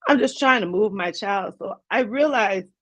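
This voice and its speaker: A woman's voice: mid-range voice, animated, normal speed, a bit bright, no echo. A woman, a guest on an interview show, earnestly retelling a personal story in vivid detail. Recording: dull lo-fi dry sound.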